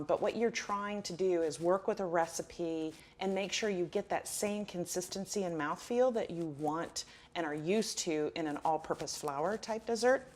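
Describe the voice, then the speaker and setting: A woman explaining a recipe step by step, with frequent ums. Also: lowish voice. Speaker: cook.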